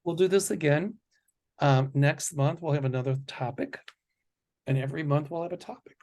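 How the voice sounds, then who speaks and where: A male psychic host chatting in a relaxed way, with a gravelly edge to his voice. He slows down to stress key words one at a time and sounds sure of his forecasts. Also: a little high. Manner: deliberate, emphatic listing of words. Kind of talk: casual chat.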